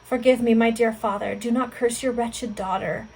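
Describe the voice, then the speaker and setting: A woman's voice: a little high, fairly even intonation, normal speed, gravelly, a little mellow, husky, rough recording. Woman reading as a tearful, imploring young lady. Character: frightened, remorseful young woman. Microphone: video call.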